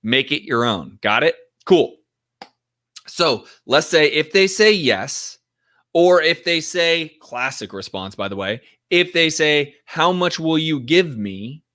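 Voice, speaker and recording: A man's voice: fairly high pitch, animated, slow, pushed and bright. A man teaching in a casual, direct way, often acting out sample phone calls to show what to say. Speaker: real estate investing coach.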